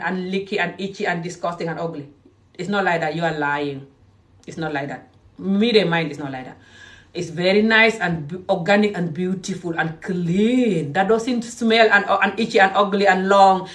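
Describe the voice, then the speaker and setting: A woman with a Gambian English accent giving a heated, indignant vlog rant that swings between shouting and low muttering. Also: moderate pace. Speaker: vlogger. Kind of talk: heated ranting monologue.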